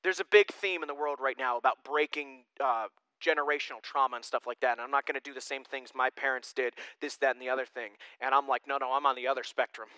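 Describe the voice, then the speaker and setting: A young man preaching a sermon to his congregation, joking and chatting in an animated, conversational way. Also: medium pitch, quick pace, clean tone, no echo, low-quality recording. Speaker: pastor.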